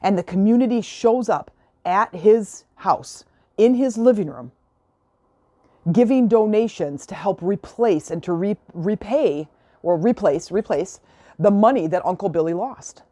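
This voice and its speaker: A woman's voice: medium pitch, lively intonation, a little slow, warm tone, no echo. A woman hosting a solo podcast, retelling a film and urging listeners to be grateful, in an earnest, motivational, emotional way, close to the mic. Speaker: podcast host.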